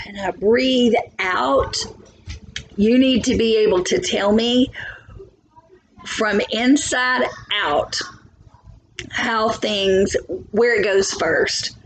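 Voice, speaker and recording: A woman's voice: medium pitch, a little hiss or hum, rough recording. A woman teacher giving a biology lesson from home, chatty, thinking aloud and asking for agreement.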